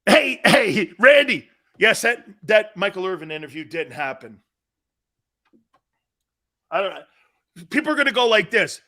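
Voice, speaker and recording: A middle-aged man hosting a live sports talk show, joking loudly, reading out comments and jumping between topics. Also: high voice, sing-song, unhurried, pauses often. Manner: loud, joking, jumps between topics, often raises his voice.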